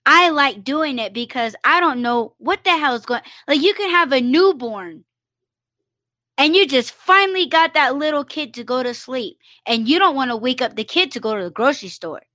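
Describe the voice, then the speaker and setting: A woman's voice: high-pitched, lively intonation, normal speed, sharp tone, no room sound. Blunt, profane woman ranting on a podcast. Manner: blunt, profane, emphatic rant with many fillers. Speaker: podcast host. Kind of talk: solo live podcast monologue.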